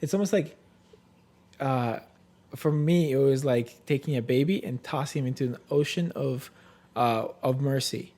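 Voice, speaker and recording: Mellow-voiced man hosting a faith podcast. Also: medium pitch. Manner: halting, searching for words with many fillers. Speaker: podcast host. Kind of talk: casual faith podcast talk.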